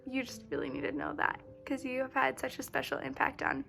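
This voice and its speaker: A young woman with a high, bright voice and a gravelly edge records a tribute to a close friend. She gushes with affection, though her pitch stays fairly level. Faint music plays behind her. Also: level tone, fairly quick. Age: young adult. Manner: warm, gushing, affectionate. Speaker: college student giving a tribute.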